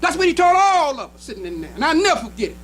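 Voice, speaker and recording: A minister preaching a sermon in an emphatic style, with short repeated phrases and speech. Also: male voice, extremely high pitch, big pitch swings, racing, a bit bright, low-quality recording. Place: temple hall.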